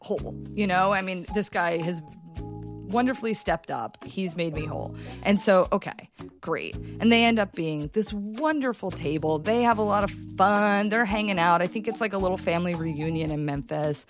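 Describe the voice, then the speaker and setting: A woman telling a personal story in an interview, animated and halting, acting out what people said. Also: mid-range voice, over music. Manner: animated, halting with restarts, acts out quotes. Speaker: storyteller guest.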